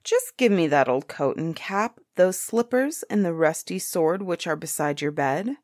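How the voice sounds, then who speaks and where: A woman's voice: fairly low pitch, expressive, measured pace. A woman voicing a clever young male giant-killer in a fairytale, sly and confident. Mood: cheeky.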